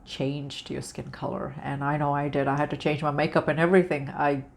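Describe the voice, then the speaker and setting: A woman's voice: low voice, flat delivery, fairly quick, gravelly, slight background noise. A woman hosting a spiritual advice video, talking casually to her viewers with lots of fillers and restarts. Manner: rambling, many fillers and restarts. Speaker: spiritual channel host.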